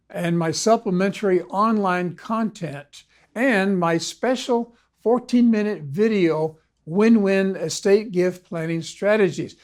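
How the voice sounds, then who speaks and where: A man, a ministry consultant, reading a scripted video lecture in a measured, formal way. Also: high-pitched, darkish tone. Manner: measured, formal read-aloud delivery. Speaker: ministry consultant and course instructor.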